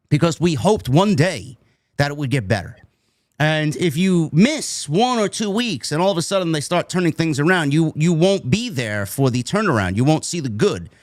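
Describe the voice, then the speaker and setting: Brief: New York man, podcast co-host, animated and profane, slightly high voice, dry close mic. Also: no room sound. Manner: animated, swears a lot, says "man" and "bro". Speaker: show host. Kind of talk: casual podcast review chat.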